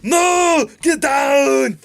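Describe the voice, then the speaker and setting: A man putting on an over-the-top Austrian accent as a muscle-bound action star, shouting and exaggerated. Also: extremely high pitch, drawn-out words, gravelly, faint music behind, voice pushed up, exaggerated voice. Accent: Austrian (put on).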